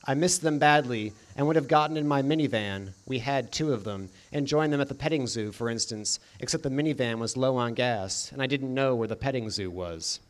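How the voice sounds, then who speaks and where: A man reading first-person scripted narration in a deadpan, dry comic manner. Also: medium pitch, a little fast, hardly any pauses. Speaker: audiobook narrator.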